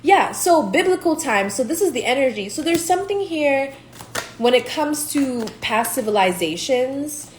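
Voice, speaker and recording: A woman's voice: sits high, lively intonation, moderate pace. A young woman from Nigeria giving a casual spiritual monologue as a tarot reader, blunt and profane, laughing often. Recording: echoey room, faint hiss.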